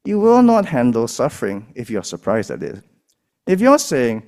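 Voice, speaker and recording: A man delivers a sermon in a mid-pitched voice that swings widely in pitch. His preaching is emphatic, building up and then dropping low for effect. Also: wildly swooping pitch, moderate pace, a little mellow. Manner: emphatic preaching with rising and falling dynamics. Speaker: pastor.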